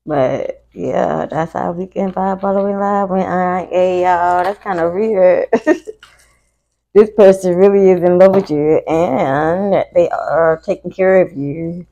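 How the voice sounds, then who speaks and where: Slow gravelly woman reading tarot live. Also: on the low side, steady tone, dark tone, highs cut off. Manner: slow, gravelly, chatty, emotional. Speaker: tarot reader.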